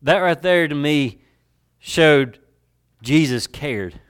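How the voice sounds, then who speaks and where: A preacher in a church delivering a dramatic sermon, swinging between soft and loud, stretching words for emphasis and restarting phrases as he builds. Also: on the high side, lively intonation, clear, resonant tone. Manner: dramatic, varying loudness, drawn-out emphasis; repeats words and restarts while building a point. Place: church sanctuary. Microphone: worn mic.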